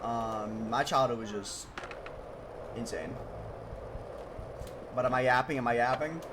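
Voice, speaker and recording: Telling chat about his childhood on a casual stream, this young man speaks in a mid-range voice, a little slowly, wandering off track and leaning constantly on "like" and other fillers. Background noise can be heard.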